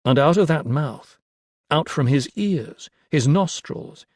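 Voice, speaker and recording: A man narrating a horror story with slow, expressive storytelling. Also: a little high, dry recording, studio quality. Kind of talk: dramatic audiobook narration.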